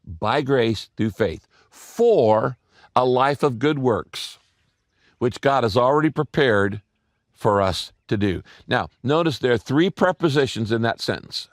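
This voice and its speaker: An older man, a pastor preaching a sermon, telling stories and repeating key lines slowly for emphasis. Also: mid-range voice, expressive, no echo, clean studio sound.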